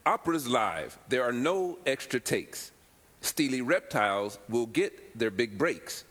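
A man on a radio panel reading a limerick aloud in a measured, rhythmic way. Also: medium pitch, big pitch swings, a bit bright.

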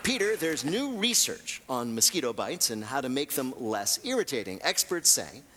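A man hosts a radio comedy quiz. His voice is bright and clear, and his pitch moves a lot as he jokes and lands punchlines. A faint hiss sits under the recording. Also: moderate pace, long reverb tail. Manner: lively, joking, reads setups then punchlines. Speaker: quiz show host.

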